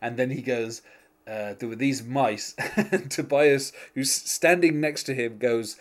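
A man's voice: medium pitch, lively intonation, a little slow. A man chatting casually on a podcast, laughing often and talking with lots of fillers and restarts. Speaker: podcast host. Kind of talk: casual chat recapping a TV episode.

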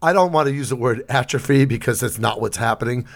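A man co-hosting a comedy podcast, his voice hoarse and gravelly, telling wry, exasperated stories in casual chat. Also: mid-range voice, fast. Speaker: podcast co-host.

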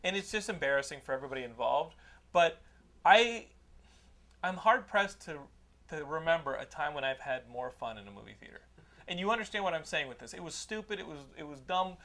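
A man hosting a podcast, telling a movie story in a loud, profane way and often laughing. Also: on the high side, expressive, brisk. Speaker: podcast host. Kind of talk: casual chat, movie review.

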